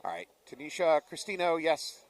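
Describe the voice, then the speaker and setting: A man calls paintball action as it happens, reacting quickly and teasing his co-host between plays. He sits back from the microphone, so his voice comes across slightly distant. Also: fairly high pitch, big pitch swings. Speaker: play-by-play commentator. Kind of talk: live paintball commentary.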